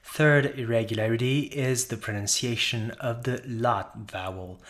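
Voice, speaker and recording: A man working as an accent coach, explaining pronunciation points in a measured, methodical way with frequent short pauses. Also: medium pitch, steady tone, fairly bright tone.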